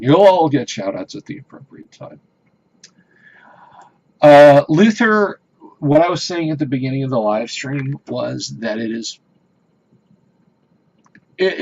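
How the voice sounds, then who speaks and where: A man's voice: mid-range voice, a little mellow, breathy edge. A man hosting a casual livestream, chatting with viewers in a rambling, hesitant way with many fillers and restarts. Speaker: livestream host. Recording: dull lo-fi stream audio.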